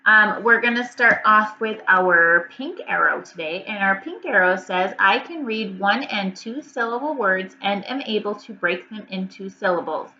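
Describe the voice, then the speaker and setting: Woman, teacher, bright voice, patient prompts for small children, slightly dull home recording. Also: mid-range voice, lively intonation, slight background noise. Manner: slow, encouraging, repeats prompts for kids. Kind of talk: remote reading lesson for young children.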